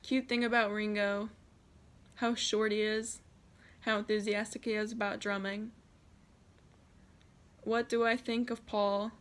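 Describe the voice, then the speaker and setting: A woman's voice: medium pitch, flat delivery, unhurried, pauses often. A teenage girl with an American accent reads questions aloud and answers each one in a casual vlog. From United States. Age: teens. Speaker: vlogger. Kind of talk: casual Q&A tag video.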